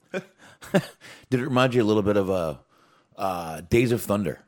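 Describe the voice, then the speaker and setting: A man with a very low voice talks in a casual, rambling way on a podcast. His pitch swings widely as he gets animated. He swears freely and fills gaps with ums. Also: measured pace. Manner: profane, animated, rambling with fillers. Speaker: podcast co-host. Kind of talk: casual wrestling recap chat.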